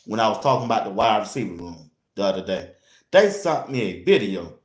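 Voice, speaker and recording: A man hosting a casual sports talk show, blunt and animated, speaking straight to his listeners. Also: on the low side. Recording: roomy echo.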